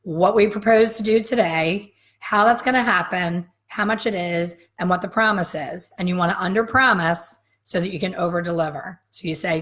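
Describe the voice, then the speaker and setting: A woman's voice: lowish voice, moderate pace, few pauses, fairly bright tone. A woman in her fifties, a hair color educator giving a frank, emphatic live coffee-chat lesson straight to her viewers.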